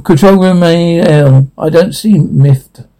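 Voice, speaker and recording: A man's voice: fairly high pitch, takes it slowly, mellow, low-quality recording. A man reading a cartoon script aloud, switching between character voices, reading out the stage directions and stumbling into frequent restarts. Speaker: script reader.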